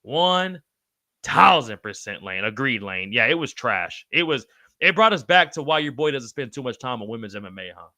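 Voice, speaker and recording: Reading chat on his live podcast stream, a man reacts with loose excitement, swearing freely and calling everyone brother. His mid-range voice moves at normal speed, with no echo.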